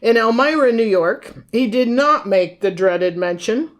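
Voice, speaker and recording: A woman co-hosting a podcast, reading aloud from her own book and old news clippings in a measured way, naming and quoting her sources. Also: on the high side, expressive. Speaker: podcast co-host and author. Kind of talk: reading aloud from research notes.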